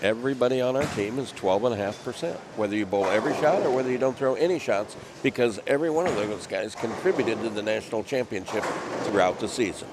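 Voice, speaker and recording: A man's voice: on the low side, fast. A man who coaches college bowling, talking earnestly and humbly in casual chat. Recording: noisy background.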